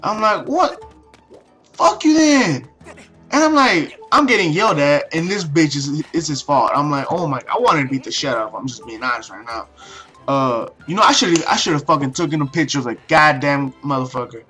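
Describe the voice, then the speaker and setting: Give me a foul-mouthed young man ranting a story, bright voice, faint music behind. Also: fairly high pitch, lively intonation, a little fast. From Mexican heritage. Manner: profane, rambling, many restarts and fillers. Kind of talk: casual rant-style story.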